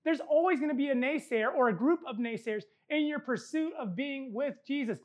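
A woman delivers a sermon in a high, bright-pitched voice. She preaches with emphatic, rhythmic repetition, and slips in light joking asides between points. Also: moderate pace. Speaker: pastor.

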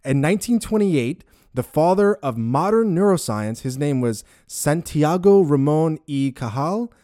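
A man's voice: medium pitch, dark tone, no room sound, clean studio sound. Laughing man stumbling over science words. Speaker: podcast host. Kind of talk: casual podcast chat.

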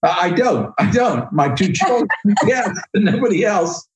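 A man's voice: sits high, sing-song, moderate pace, reverberant, poor audio. A man being interviewed, talking in a hesitant, thoughtful way and reciting verse with feeling. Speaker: guest. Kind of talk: conversational interview.

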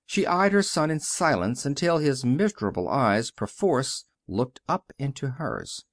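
Expressive male audiobook narrator. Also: mid-range voice, a little slow, no echo, studio quality. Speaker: audiobook reader. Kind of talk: scripted narration.

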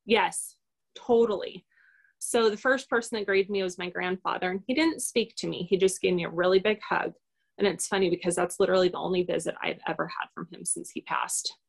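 A woman guest talks through a personal experience in a loose, unscripted way. Her voice has a gravelly, creaky texture, and she keeps pausing on fillers and restarting her sentences. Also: on the low side, steady tone. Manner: rambling, hesitant, many fillers. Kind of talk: casual personal storytelling in an interview.

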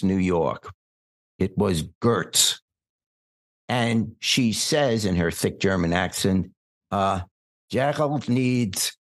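An older man, a podcast guest born in England, telling long stories in a relaxed, wry conversational way. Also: on the low side. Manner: relaxed anecdotal storyteller, wry asides. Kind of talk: storytelling in conversation.

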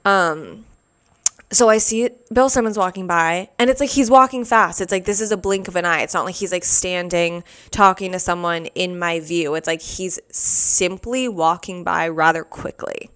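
A woman telling a personal story in a casual, animated way, full of "like" fillers, as a podcast host. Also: lowish voice, moderate pace, clear, resonant tone.

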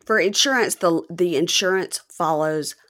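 A woman podcast co-host in casual chat, easygoing and reasoning things through, with quick agreeing fillers. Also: on the low side, fairly bright tone. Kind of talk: casual reality TV recap chat.

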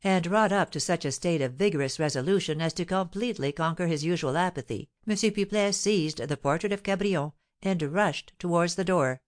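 A woman reading a novel aloud as an audiobook narrator, at a steady, even pace. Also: on the low side, brisk, hardly any pauses. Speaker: audiobook reader.

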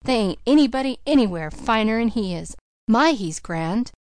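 A woman's voice: a little high, lively intonation, moderate pace, a little mellow, no room sound, studio quality, close to an everyday voice. Boastful small farm boy, chattery and eager, read by a woman. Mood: eager chatter. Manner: chattering, boastful, folksy grammar.

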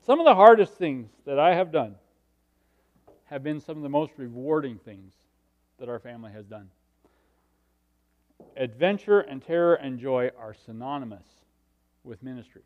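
A middle-aged man preaching a sermon, telling a personal story and swinging from hushed asides to loud, excited passages. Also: medium pitch, normal speed, long pauses, muffled recording.

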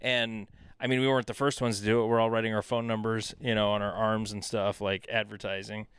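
A man hosting a podcast, chatting in a relaxed way and telling his own college story. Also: lowish voice, fairly quick, clear, resonant tone, no room sound. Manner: relaxed, chatty, laughs along. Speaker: podcast host. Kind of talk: casual conversation.

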